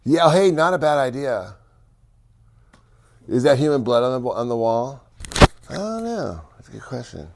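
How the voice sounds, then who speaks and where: A man co-hosting a live stream, greeting viewers in relaxed, friendly chat. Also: mid-range voice, moderate pace, gravelly, pauses often. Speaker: livestream co-host.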